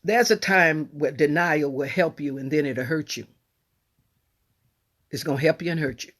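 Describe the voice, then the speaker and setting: A woman pastor preaching a sermon in a folksy, emphatic way, swinging from soft asides to raised cries. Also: deep voice, normal speed.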